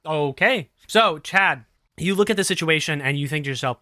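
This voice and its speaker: A man acting as game master, narrating a tabletop game with animated, laugh-filled explanations. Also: fairly high pitch, normal speed, no echo, studio quality.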